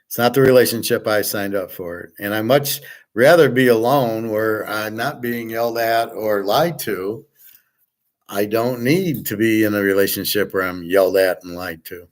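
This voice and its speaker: A man's voice: on the low side, moderate pace. A middle-aged man hosting his own show, talking in a blunt, self-assured, rambling monologue and often repeating words as he rants. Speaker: podcast host.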